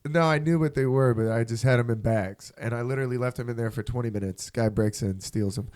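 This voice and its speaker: A man's voice: mid-range voice, fast talker, a little mellow. A young man telling stories on a podcast in a casual, profane, laughing way. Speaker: podcast co-host. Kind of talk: casual chat.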